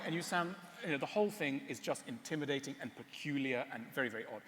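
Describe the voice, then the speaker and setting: A man giving a public talk and answering questions, wry and animated, often stopping on fillers. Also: medium pitch, fast talker, hardly any pauses, in a large hall. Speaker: speaker. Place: large hall.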